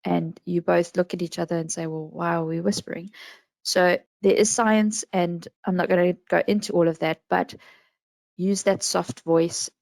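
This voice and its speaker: A woman with a South African accent giving calm, measured advice on handling complaints in a business webinar. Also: on the low side, vocal fry, no echo. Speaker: national complaints administrator.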